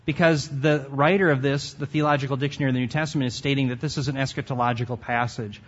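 A man's voice: medium pitch, fairly even intonation, fast. Guy preaching a bible study, earnest, leans on key words, kinda muffled lo-fi sound. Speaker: Bible teacher. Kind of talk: expository sermon.

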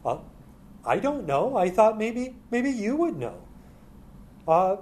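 A man's voice: high-pitched, sing-song, takes it slowly, darkish tone, pitched above the performer's own voice, full character voice. A man doing a coy, sly serpent. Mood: feigned innocence. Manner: coy, mock-wounded. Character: sly male serpent feigning innocence.

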